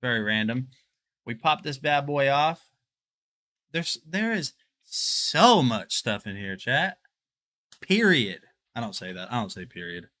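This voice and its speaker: A young man hosting a live product showcase stream, chatting casually and excitably straight to his viewers. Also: mid-range voice, unhurried. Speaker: livestream product showcase host.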